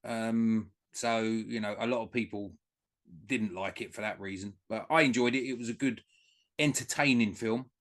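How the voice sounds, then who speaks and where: A man's voice: on the low side, moderate pace. Easygoing man chatting on a podcast. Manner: easygoing, hesitant with fillers. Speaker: podcast co-host. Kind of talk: casual chat.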